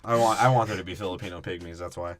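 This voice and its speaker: A young man co-hosting a comedy podcast, breaking down a movie plot in crude, profane riffs and quick mocking impressions. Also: sits low, steady tone, a crowd in the background. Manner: crude, profane, jokey, mimics characters in quick voices. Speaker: podcast co-host.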